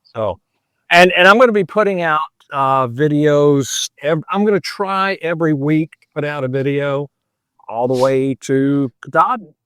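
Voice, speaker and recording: An older man in his seventies talks as a podcast guest, folksy and rambling, stringing thoughts along with easy fillers. His voice sits a little high for a man, and the recording is close and dry, with no room sound. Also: normal speed, a bit bright, clean tone, dry recording. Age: 70s. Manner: folksy and rambling, full of "you know" and "man". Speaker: podcast guest, thru-hiker and pastor. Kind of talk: casual interview chat.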